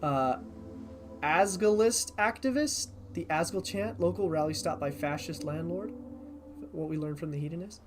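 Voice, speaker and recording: A streamer playing a game for the first time, reading the on-screen text aloud and thinking out loud, sometimes tripping over unfamiliar words. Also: mid-range voice, normal speed, noisy background. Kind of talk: casual let's-play commentary.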